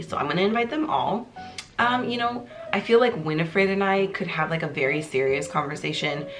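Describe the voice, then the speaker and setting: A woman hosting her own video in a bubbly, jokey casual chat, full of little fillers. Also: low-pitched. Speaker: YouTuber host. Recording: clear background music under the voice. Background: music playing in the background.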